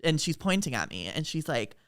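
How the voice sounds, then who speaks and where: This is a woman co-hosting a chatty podcast with a low, smooth voice. Her pitch leaps around as she tells a story in an excitable, casual way, cursing freely. The mic sound is close and dry. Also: a little fast, no room sound. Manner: animated, excitable, swears casually. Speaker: podcast co-host.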